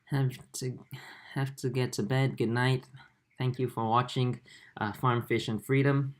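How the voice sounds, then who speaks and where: Young male streamer, Australian-tinged accent, casual and relaxed, laptop mic. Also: mid-range voice, measured pace. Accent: Australian-tinged English. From Japan and Singapore. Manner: relaxed, easygoing, many fillers and restarts. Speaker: aquarium channel host. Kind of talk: casual livestream chat reading comments.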